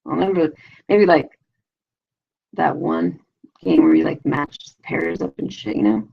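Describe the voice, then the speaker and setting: A woman's voice: sits low, animated, unhurried, creaky, breathy edge. A middle-aged woman hosting a live stream, chatting in a slangy, rambling way with lots of fillers and casual swearing. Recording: dull lo-fi live-stream audio.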